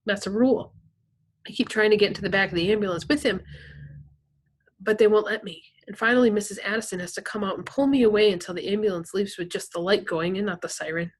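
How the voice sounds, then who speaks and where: A woman's voice: mid-range voice, quick pace, slightly rough. Woman reading a novel aloud. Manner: expressive, lively storytelling. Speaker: reader.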